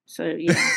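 A woman's voice: high voice, gravelly. A woman talking on a video call as a guest actor. She laughs often and is chatty and self-deprecating. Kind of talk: casual interview chat.

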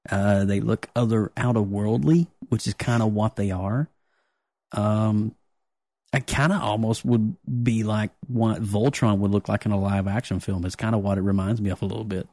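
A man hosting a casual pop-culture podcast, talking excitedly with lots of restarts and jokes. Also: on the low side, normal speed, no room sound. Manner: excitable, joking, many restarts. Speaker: podcast host.

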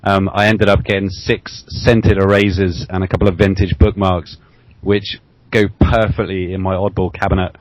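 A man with a low voice tells a lively anecdote on a podcast. The sound is dry and close. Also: normal speed, dry recording. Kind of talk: casual podcast chat.

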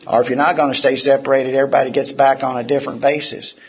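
A man's voice: mid-range voice, little pitch movement, fast talker, breathy edge. A male physician giving a candid, conversational talk on addiction recovery to a live audience, recorded on dull, lo-fi tape. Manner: candid, conversational, acts out quotes. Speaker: physician speaker.

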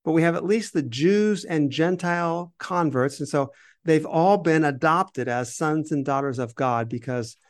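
A man with a slightly higher voice talks through a Bible passage in conversation. He keeps reading verses aloud with emphasis and stops to explain them, with some restarts along the way. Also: measured pace. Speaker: Bible podcast co-host.

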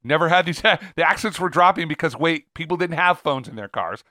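A man with a fairly high voice co-hosts a podcast, ranting and riffing with strong opinions. The sound is dry and close, with no room in it. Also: lively intonation, fairly quick, pushed and bright, no room sound. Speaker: podcast co-host. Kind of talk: casual chat.

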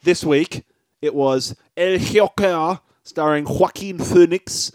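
A man's voice: a little high, takes it slowly, darkish tone, no echo. Chatty man, joking podcast host. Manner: rambling, joking, many fillers and restarts. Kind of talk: casual podcast chat.

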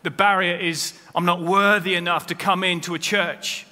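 A man's voice: high voice, fairly even intonation, moderate pace, bright, forceful tone. A man preaching a sermon as pastor, with rising emphasis as he quotes scripture. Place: church. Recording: long hall reverb.

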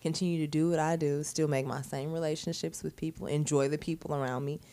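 Low-voiced blunt woman podcaster. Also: fast talker. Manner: blunt, candid, swears freely; animated, sarcastic asides. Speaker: podcast host. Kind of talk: casual conversation.

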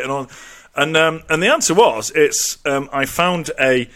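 An English man co-hosts a podcast in loose, joking chat. His voice sits a touch higher than usual for a man, and he swears freely as he teases his guest. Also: animated, unhurried, sharp tone. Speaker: podcast co-host. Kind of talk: casual banter.

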